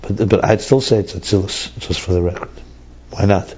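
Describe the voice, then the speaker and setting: Low mellow-voiced man teaching a text class. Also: steady tone, moderate pace, muffled recording, slight background noise. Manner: thinks aloud, repeats words while reading the text.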